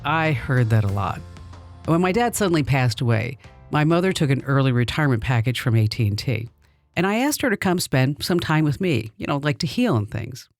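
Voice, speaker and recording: A woman's voice: extremely low pitch, very animated, fairly quick, no echo, faint music behind. A middle-aged woman hosting a podcast, telling personal stories in a chatty way and laughing between lines. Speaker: podcast host.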